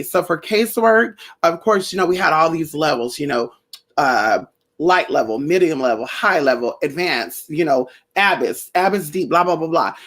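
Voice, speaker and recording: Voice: medium pitch, a bit bright. Rambling, chatty livestream host. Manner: chatty, rambling and profane, calls viewers honey and darling. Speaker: spiritual practitioner and livestream host. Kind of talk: casual livestream chat with viewers. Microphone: phone or webcam.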